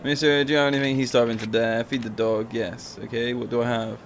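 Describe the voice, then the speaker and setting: A man's voice: mid-range voice, flat delivery, fast, gravelly, slight background noise. A man giving casual, profane and jokey commentary while playing a video game. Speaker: gameplay commentator. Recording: game music playing behind the voice.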